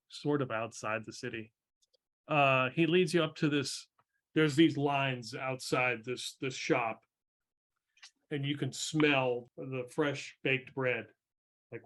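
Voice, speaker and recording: A man's voice: mid-range voice, fairly bright tone. A young man acting as game master, narrating a tabletop game in a meandering way with many fillers.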